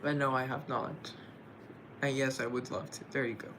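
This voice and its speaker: Hosting a casual livestream, an American man answers viewer comments in a playful, joking way and talks to himself. His voice is mid-range with fairly even intonation at normal speed, against a noisy background.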